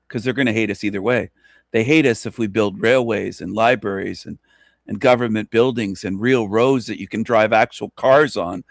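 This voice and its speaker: A man hosting a solo radio monologue, ranting emphatically and repetitively with mocking chuckles and sudden jumps in pitch. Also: creaky, no echo, clean studio sound. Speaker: radio show host.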